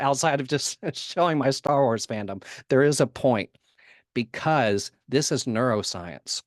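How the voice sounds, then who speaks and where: A man's voice: on the low side, no room sound, studio quality. A man giving a conference talk in a casual, humorous way, often laughing and putting on voices for quotes. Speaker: conference speaker.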